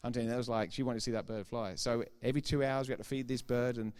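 A man's voice: mid-range voice, fairly even intonation, very fast, darkish tone, clean tone. A middle-aged man preaching a sermon, emphatic and informal, repeating key phrases for effect and throwing chatty asides to the congregation. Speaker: pastor.

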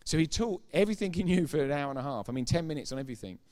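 A man giving a sermon testimony as a preacher, retelling conversations line by line and growing loud and emphatic when he preaches. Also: fairly high pitch, expressive, racing. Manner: retells dialogue with repeated "I said, he said".

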